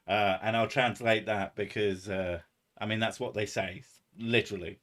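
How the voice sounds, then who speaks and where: A man's voice: lowish voice, steady tone, moderate pace, a bit bright. Man, streamer, casual chat, rambling, sardonic, swears a lot.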